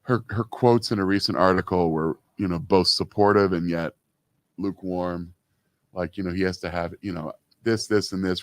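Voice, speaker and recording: Very deep-voiced chatty male co-host. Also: normal speed, no echo. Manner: chatty storyteller, many "you know" fillers. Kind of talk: casual radio-style chat.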